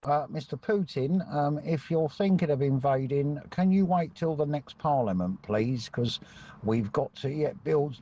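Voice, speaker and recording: A man's voice: on the high side, mellow. A man putting on a timid, pleading leader who hesitates and stalls between phrases. It comes through as a muffled, lo-fi voice note. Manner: hesitant, halting. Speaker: listener sending a voice note.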